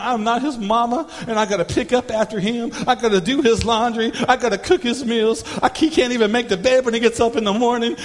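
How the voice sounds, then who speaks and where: A man's voice: very high-pitched, big-room sound. A man acting out an exasperated young wife who wails self-pitying complaints during a sermon illustration.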